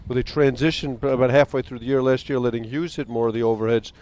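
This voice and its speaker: A man doing sports commentary, recounting a team's recent results in a measured way. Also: mid-range voice, fairly even intonation, darkish tone. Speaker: play-by-play commentator.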